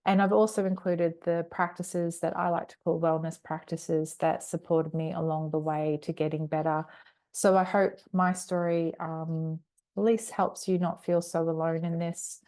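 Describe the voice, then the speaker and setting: A woman's voice: on the low side, level tone, moderate pace, dark tone. A woman interrupting her podcast to promote her own book, speaking in an informal and apologetic way. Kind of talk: spoken self-promotion.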